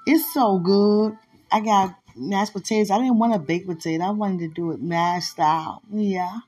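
Over soft background music, a podcast host with a mid-range, darkish, husky voice talks playfully and affectionately. She laughs often, draws out her exclamations, and frequently slips into prayer during her casual monologue.

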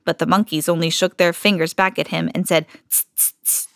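Woman narrator, children's picture book read-aloud, expressive, slows down on refrains. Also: lowish voice, vocal fry, faint music behind. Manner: expressive, lingers on repeated phrases. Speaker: storybook reader, podcast host.

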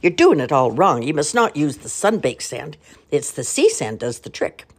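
A woman's voice: deep voice, sing-song, moderate pace, slight background noise. A grandmother voicing a grumpy old seaside hermit man who grumbles and speaks firmly. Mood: scolding. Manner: grumbling, firm.

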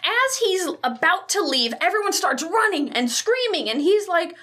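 A high-pitched woman with a very lively, bouncing delivery co-hosts a podcast and recaps a movie in casual chat. Her voice is bright and sharp, she swears freely, and she slips into the characters' lines as she tells the story. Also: moderate pace. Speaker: podcast co-host.

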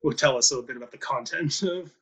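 A man hosting a casual podcast interview over a video call, chatty and quick to laugh, with lots of fillers. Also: mid-range voice, a bit bright, husky. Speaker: podcast host.

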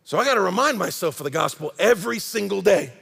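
Gravelly high-voiced preacher in a reverberant sanctuary. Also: male voice, animated, quick pace. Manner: impassioned, swings from loud emphasis to hushed intensity. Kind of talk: sermon. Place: large church sanctuary. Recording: long hall reverb.

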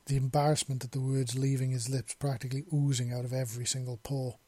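Male narrator of a romance story with a dark, mellow, husky tone and an even delivery. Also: mid-range voice, fast talker.

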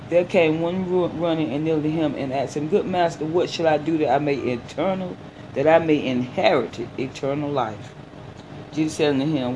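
A man's voice: on the high side, a little mellow, a little hiss or hum, rough recording. Preacher man with a drawl. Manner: reads verses haltingly, then explains in plain folksy talk. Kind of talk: sermon reading and explaining scripture.

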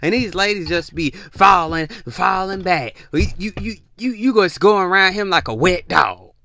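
In a ranting monologue, a man gives relationship advice in a blunt, profane, preachy way. His voice is creaky, he talks at normal speed, and his pitch swings lively.

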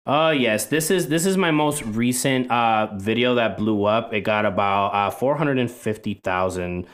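A man's voice: mid-range voice, moderate pace. A young man guest on a podcast, chatting casually and rambling with many fillers. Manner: rambling, soft-spoken, with frequent fillers. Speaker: guest, content creator.

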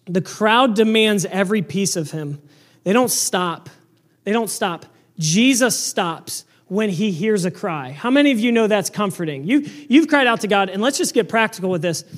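A young man with a strikingly high voice delivers a sermon. He talks to the congregation conversationally, asking rhetorical questions and driving his points home with energy. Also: a bit bright. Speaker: pastor.

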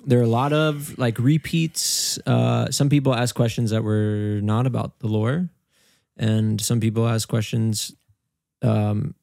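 Young guy cohosting a podcast, gravelly voice, dry close sound, faint music behind. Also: medium pitch, steady tone, unhurried, a little mellow, no room sound. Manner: easygoing, teasing, runs the questions. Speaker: podcast co-host. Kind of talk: casual chat.

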